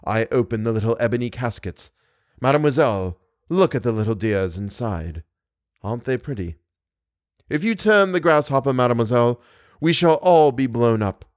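A man plays a calm, menacing masked man who weighs every word with chilling deliberation. The delivery is lively in its rises and falls, and the recording is dry and close. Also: mid-range voice, dry recording, close to an everyday voice. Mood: coldly menacing. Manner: slow, deliberate, icily composed. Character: cold, menacing masked male genius, calm.

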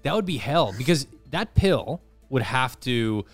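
A man's voice: medium pitch, big pitch swings, measured pace, no room sound, faint music behind. Joking, laughing male podcast co-host. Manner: laughs easily, joking and teasing. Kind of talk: casual podcast banter.

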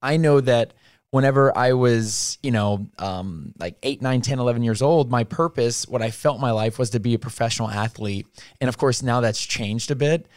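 A man's voice: medium pitch, moderate pace, darkish tone, no echo, clean studio sound. A young man co-hosting a casual faith podcast, talking in a laid-back, playful and reflective way. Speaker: podcast co-host.

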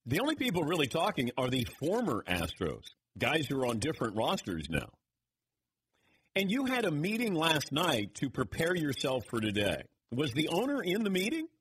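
A man's voice: fairly high pitch, wildly swooping pitch, normal speed, a bit bright, slightly rough. A man hosting a sports talk radio show, sarcastic and laughing often.

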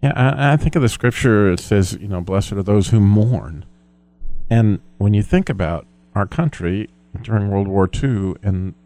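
A man's voice: on the low side, warm tone. A man co-hosting a faith discussion, earnest and reflective, with frequent restarts. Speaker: co-host.

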